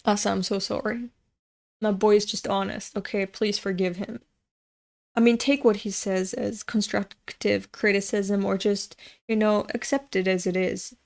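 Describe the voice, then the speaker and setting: A woman's voice: medium pitch, level tone, moderate pace, gravelly, darkish tone. A woman host chatting casually during a manga read-along, rambling off on tangents, swearing freely and talking to her viewers. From Europe. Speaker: manga reader and channel host.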